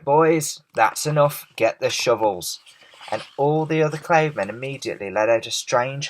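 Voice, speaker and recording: Male storyteller, medium pitch, expressive, measured children's book reading.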